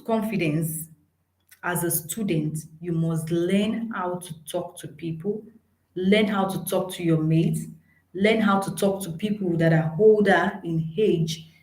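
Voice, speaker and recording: A woman giving an earnest motivational talk to students, repeating points for emphasis. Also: mid-range voice. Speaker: educator speaking to students. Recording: roomy echo.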